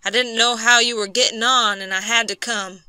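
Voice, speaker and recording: A woman voicing an injured lumberman, a man down on his luck who speaks gruffly and hopelessly. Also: fairly high pitch, fairly even intonation, normal speed, sharp tone, dry recording. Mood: reassuring.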